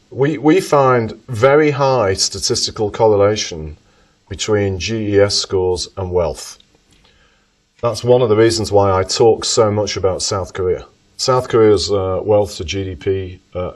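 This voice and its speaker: A man giving an economics talk to an audience and answering questions, thoughtful and emphatic, often correcting himself as he goes. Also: lowish voice. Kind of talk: lecture with audience Q&A. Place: lecture room. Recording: voice from far off the mic.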